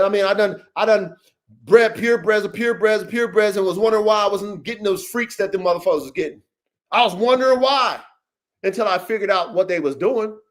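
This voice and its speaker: A man with a noticeably high speaking voice holds forth on a livestream podcast. He is brash and profane, boasting about his experience and hammering each point home while calling on listeners by name. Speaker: podcast host and dog breeder. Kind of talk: casual livestream podcast rant.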